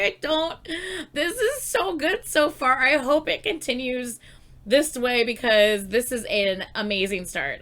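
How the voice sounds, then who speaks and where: A woman reacting to an album in casual commentary, gushing and excitable, heavy on fillers and the odd swear. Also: mid-range voice, moderate pace. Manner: chatty filler-heavy talk with many "like"s. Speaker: music reaction YouTuber.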